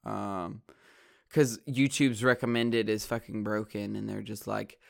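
A man's voice: fairly low pitch, fairly even intonation, unhurried, gravelly. A young man, rambling casually as a vlogger, swearing often and filling gaps with ums and likes. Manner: swears a lot, rambling with many fillers.

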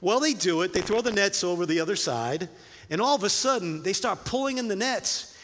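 Male pastor preaching in a reverberant hall. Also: high-pitched. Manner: conversational, animated storytelling with filler words and restarts. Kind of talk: sermon.

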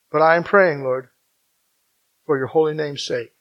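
High, bright-voiced male preacher. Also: steady tone, measured pace, long pauses, rough recording. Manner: dynamic preaching, swinging from loud emphasis to hushed near-whispers; emphatic repetition. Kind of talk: sermon.

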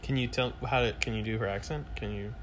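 A woman's voice: a bass voice, steady tone, quick pace, a little hiss or hum. A woman co-hosting a casual podcast, teasing and joking with her partner. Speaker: podcast co-host. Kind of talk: casual chat.

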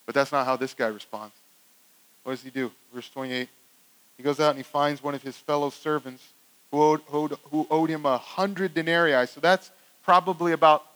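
Brief: emphatic male pastor mid-sermon, bright high tone, stammers and repeats words as he builds intensity. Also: low-quality recording. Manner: animated, emphatic, swings from loud to hushed.

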